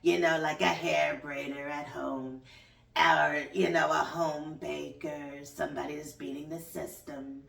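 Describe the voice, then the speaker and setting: A woman's voice: deep voice, flat delivery, a little slow, creaky, a bit bright, far from the mic, full character voice. Woman doing a smug male politician. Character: mocking impression of a male politician. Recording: roomy echo, off-mic.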